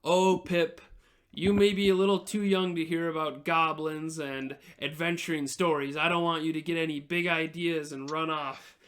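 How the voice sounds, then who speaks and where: A cheerful young innkeeper, put on by a man speaks in a folksy, welcoming way. The voice is bright and sits a little high. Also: little pitch movement, moderate pace, lightly acted. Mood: kindly. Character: friendly young male innkeeper, short, cheerful.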